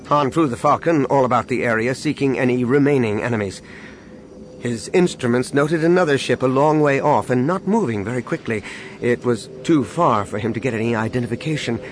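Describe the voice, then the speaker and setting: Reading a science-fiction book for an audiobook, the man keeps a measured, scripted narration. Sad passages bring his voice down low. Background noise is steady in the recording.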